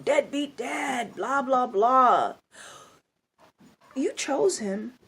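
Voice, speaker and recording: Woman, angry scolding monologue, blunt, fairly high voice, swings up and down a lot. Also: a bit bright. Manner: blunt, scolding, rhetorical questions. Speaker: video commentator.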